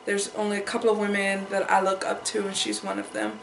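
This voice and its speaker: A woman's voice: medium pitch, completely flat delivery, a little fast, gravelly, noisy background. Young woman, personal vlog, upset and near tears, repeats herself; roomy echo on the recording. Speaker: vlogger.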